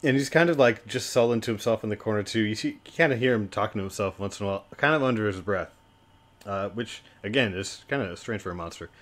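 A man with a fairly low voice narrates a tabletop role-playing game as the dungeon master. He rambles loosely, stacking fillers as he describes the scene. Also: fast, fairly bright tone.

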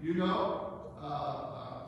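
A man's voice: a little high, drawn-out words, lo-fi sound, a little hiss or hum. A man preaching as bishop at a Bible study, often asking "Amen?" and repeating his words as he goes. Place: church hall. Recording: echoey church hall, distant mic.

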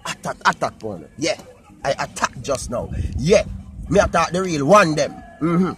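A man with a Jamaican accent talking casually to his viewers in patois, animated and repetitive. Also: a little high, normal speed. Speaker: vlogger. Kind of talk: casual talk to camera.

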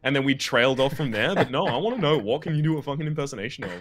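A man's voice: medium pitch, animated, very fast, fairly bright tone. A man co-playing a game, teasing his friend dryly and swearing casually on a voice call. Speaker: guest co-player. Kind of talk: casual gaming banter.

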